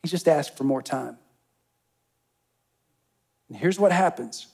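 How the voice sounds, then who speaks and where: A man's voice: on the high side, lively intonation, slow, gravelly, darkish tone, slightly rough. A pastor preaching a sermon, reading a parable and speaking straight to his congregation with rising emphatic bursts. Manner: addresses the congregation directly.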